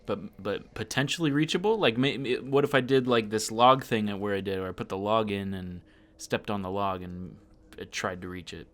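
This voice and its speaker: A man's voice: on the low side, normal speed, fairly bright tone. A man playing a tabletop role-playing game, thinking aloud and often repeating words as he asks questions. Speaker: player.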